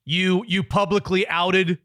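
A man's voice: high voice, level tone, takes it slowly, pushed and bright, dry recording, clean studio sound. A male podcast host chatting casually, laughing often and asking his guest follow-up questions. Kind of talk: casual interview chat.

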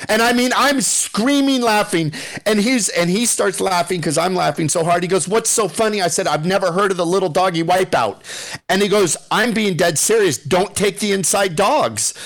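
Middle-aged male radio regular, slightly high voice, lively anecdote teller who keeps cracking up. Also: moderate pace. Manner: animated storyteller, laughs often, acts out quotes. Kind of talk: casual storytelling on a radio show.

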